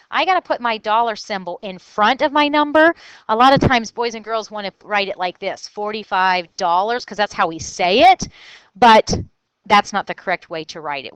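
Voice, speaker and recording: A woman's voice: medium pitch, a bit bright, smooth, dry recording, low-quality recording. A woman teacher recording a math lesson for children, thinking aloud step by step in an upbeat way.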